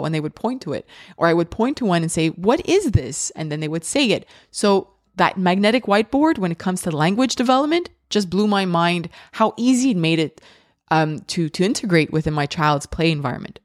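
Chatty, lower-voiced woman podcast host. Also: dry recording, studio quality. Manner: chatty and enthusiastic, with frequent fillers and restarts. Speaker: parent of young children. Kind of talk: casual podcast monologue.

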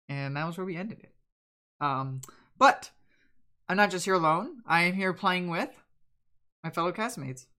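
A woman's voice: low voice, normal speed, long pauses, pushed and bright. A young woman running a tabletop role-play as game master, chatty and full of fillers.

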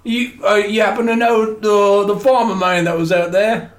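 A man's voice: high voice, fairly even intonation, normal speed. A man speaking in character during a tabletop game, in a casual way, calling others mate. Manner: casual, calls people mate. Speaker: player. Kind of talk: in-character tabletop role-play. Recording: echoey room.

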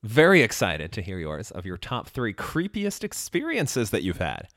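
A man's voice: fairly low pitch, huge pitch swings, normal speed, a bit bright, dry recording. A man hosting the interview, encouraging the guest and winding the talk to a close. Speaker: podcast host. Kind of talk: interview host wrap-up.

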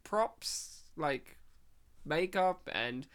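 A man with a fairly high voice hosts a casual movie commentary. He talks in an animated, jokey way and keeps jumping into high, mocking put-on voices to make a point. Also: very slow, clean tone. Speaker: podcast host leading a movie commentary.

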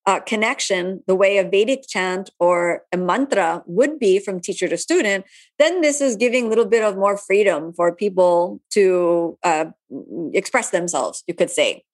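A woman yoga teacher answering viewer questions in a live online session. She talks in a relaxed, chatty way with many asides. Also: medium pitch, normal speed.

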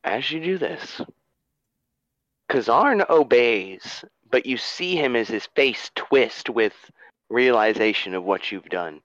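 A man narrating a tabletop fantasy game as game master, in a slow, dramatic telling. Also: medium pitch, animated, fairly bright tone, no echo, dull audio.

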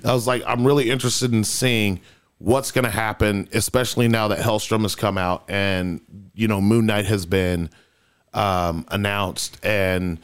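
A man's voice: lowish voice, measured pace, clean tone. A man co-hosting a casual podcast, telling stories with lots of stacked "and"s and restarts. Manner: excited storyteller, stacks up repeated "and"s and restarts. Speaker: podcast co-host.

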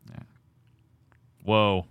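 A man's voice: drawn-out words, no echo, dull audio. A man hosting a casual film podcast, rambling and enthusiastic, laughing often. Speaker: podcast host.

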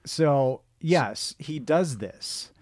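A man's voice: a little high, lively intonation, extremely slow, a little mellow, no echo, studio quality. A Midwestern American man in his forties co-hosting a casual podcast, rambling and self-deprecating with lots of restarts. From Michigan, United States. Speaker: podcast co-host. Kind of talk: casual chat.

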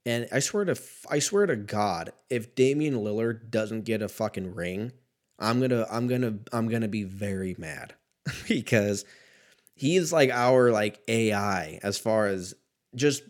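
A man's voice: on the low side, a little slow. A man in his thirties ranting casually about basketball in a rambling, profane, self-mocking way. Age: 30s. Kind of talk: casual solo sports rant.

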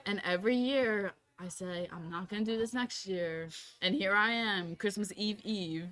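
A woman co-hosting a casual chat, speaking in an unhurried, easily amused way. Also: mid-range voice, a bit bright. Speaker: podcast co-host.

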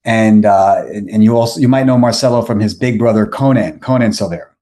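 Man from New York, low voice, casual podcast storytelling, rambling with fillers. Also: brisk, mellow. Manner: rambling, many fillers and restarts. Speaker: podcast guest.

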